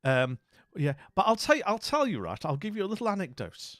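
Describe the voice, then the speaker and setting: A man's voice: high voice, wildly swooping pitch, brisk, a bit bright, no room sound, studio quality. A British man telling a casual anecdote as a channel host, rambling with lots of asides and self-mocking jokes. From Britain. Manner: rambling, chatty, full of asides and self-mockery.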